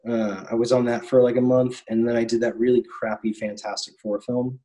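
A man's voice: mid-range voice, flat delivery, a little fast, dark tone, slight background noise, rough recording. A man in his thirties, a guest on an interview podcast, telling stories casually with lots of ums and restarts. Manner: rambling, many ums and restarts. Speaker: animator guest.

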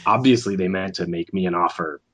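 Man, thirties, husky low voice, animated storytelling, acts out quotes. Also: fairly quick. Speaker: animator guest. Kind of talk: casual storytelling.

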